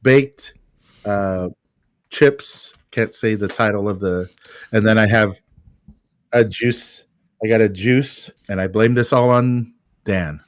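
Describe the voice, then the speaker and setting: A man's voice: on the low side, fairly even intonation, slow pace, no echo. A man co-hosting a podcast, telling a self-mocking story about his work as a pest control technician.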